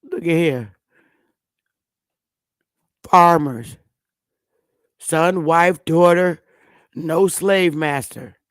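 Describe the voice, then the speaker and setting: Slow, blunt woman streamer. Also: on the low side, dry recording. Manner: blunt and profane, with excited exclamations. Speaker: livestream host. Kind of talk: casual livestream commentary.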